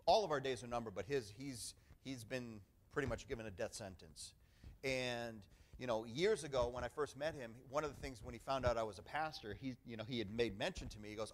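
A middle-aged male pastor delivers a sermon in an emphatic, conversational preaching style. His voice sits at an ordinary pitch for a man. He punctuates his points with calls of "amen" and repeated phrases. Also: fairly quick, slight background noise.

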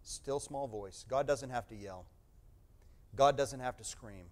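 A middle-aged man preaching a sermon, reading scripture aloud and explaining it, sometimes proclaiming loudly and sometimes dropping to a hush. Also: medium pitch, a little slow.

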